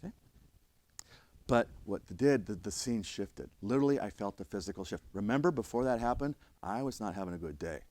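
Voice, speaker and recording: An older man, an instructor, telling a story in a lecture, emphatic and restarting his sentences, now loud, now quiet. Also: fairly low pitch, lively intonation, fairly quick, no echo. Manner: emphatic, with frequent restarts and swings in loudness. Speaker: fire service instructor.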